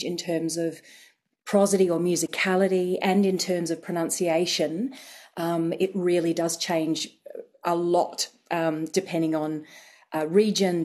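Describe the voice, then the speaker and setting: A woman dialect coach explaining accents in a radio interview, measured and careful. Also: on the low side, a little mellow.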